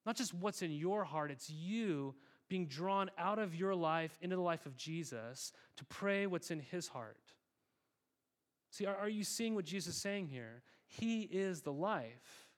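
A man's voice: sits high, expressive, unhurried. A male pastor giving a sermon in a conversational, emphatic way, often repeating words.

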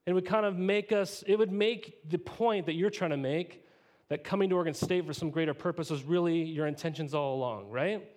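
A male pastor teaching a sermon in a casual, animated way, tossing rhetorical questions to the congregation and adding playful asides. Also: on the high side, brisk. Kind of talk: conversational sermon.

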